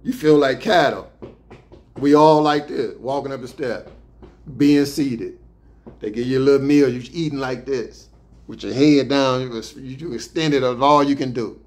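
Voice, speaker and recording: Male storyteller, casual streetwise slang, profane, mid-range voice, relaxed anecdotes. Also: medium pitch, measured pace. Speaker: podcast host telling prison stories.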